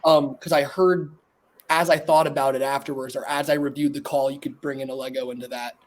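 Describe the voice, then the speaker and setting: A man's voice: medium pitch, little pitch movement, a little fast. A man, a salesman who talks in an upbeat, plain-spoken way and often laughs, over a video call. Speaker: sales rep. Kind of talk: casual sales chat.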